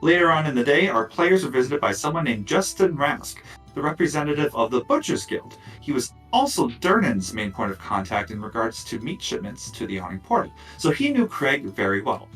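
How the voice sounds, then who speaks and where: A man narrating as dungeon master of a tabletop game, casual and relaxed, with lots of fillers and asides. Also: medium pitch, fairly quick, distant mic, soft background music, low-quality recording.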